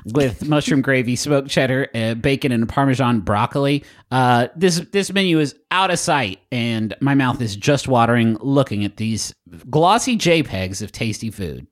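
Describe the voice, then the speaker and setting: A man's voice: mid-range voice, lively intonation, normal speed. A man co-hosting a podcast, reading ads and messages in a jokey, mock-dramatic way. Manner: jokey, mock-dramatic, swoops into silly voices. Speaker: podcast co-host. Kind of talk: playful ad reads and banter.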